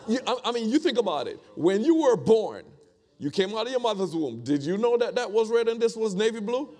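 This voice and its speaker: A man's voice: high voice, big pitch swings, fairly quick, dark tone. A man preaching a conversational sermon, repeating phrases and asking the congregation rhetorical questions.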